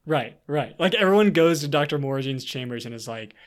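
Rambling, animated man chatting about a book. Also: a little high, a little fast. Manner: rambling, animated, lots of fillers and restarts. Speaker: podcast co-host. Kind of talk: casual book discussion.

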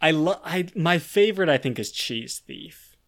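A man's voice: fairly high pitch, animated. Joking young man in casual book chat. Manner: laughing, joking, quick asides. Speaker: podcast co-host.

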